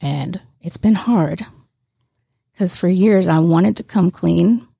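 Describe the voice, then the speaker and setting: A woman with a deep, gravelly rasp and a husky, breathy edge tells a candid personal story. Her tone is mellow and dark, and she laughs easily and restarts her sentences as she goes. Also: takes it slowly, no room sound, studio quality. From Mississippi. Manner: emotional, laughs often, many restarts. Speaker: guest.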